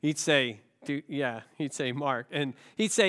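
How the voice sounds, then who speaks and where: Animated pastor preaching with a cold. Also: male voice, a little high, unhurried, few pauses, clear, resonant tone. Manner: animated preaching with rhetorical questions and self-deprecating jokes. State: has a cold. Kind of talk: sermon.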